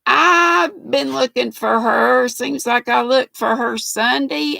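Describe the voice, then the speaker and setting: In a casual live chat, an older woman with a North Carolina Southern accent laughs and chats folksily while reading viewer comments. Her high voice has vocal fry and a sharp tone, she speaks slowly, and the recording is dry.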